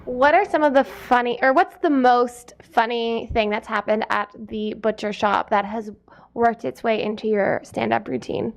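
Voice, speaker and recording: A woman's voice: a little high, steady tone, moderate pace, gravelly. A woman from Canada hosting an interview, asking brief, composed questions.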